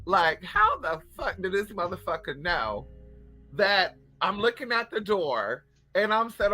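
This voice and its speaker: A woman's voice: mid-range voice, huge pitch swings, a little slow, sharp tone. A woman telling stories straight to her viewers in a casual, profane vlog, as a spiritual coach who runs online classes.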